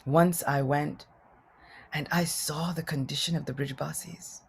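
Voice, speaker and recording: A woman's voice: deep voice, steady tone, a little slow, creaky, slight background noise. A woman voicing a male royal advisor who tells, humbled and sorrowful, how his eloquence failed him. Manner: earnest, sorrowful storytelling.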